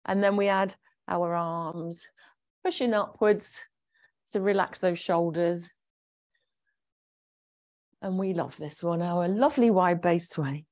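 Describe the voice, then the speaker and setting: A woman leading a gentle exercise class, chatty and encouraging as she explains each movement. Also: on the low side, slow, pauses often. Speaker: fitness instructor.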